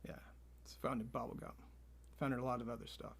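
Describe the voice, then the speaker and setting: A man co-hosting a podcast, telling an absurd story in a deadpan, straight-faced way. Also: medium pitch, fast, gravelly, slight background noise. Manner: deadpan, spins absurd tall tales with a straight face. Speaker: podcast co-host.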